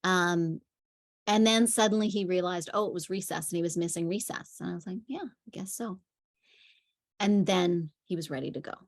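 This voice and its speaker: A woman's voice: on the low side, fairly even intonation, brisk. A woman parenting coach giving a conversational teaching talk, telling stories with frequent fillers. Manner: chatty storytelling with frequent fillers.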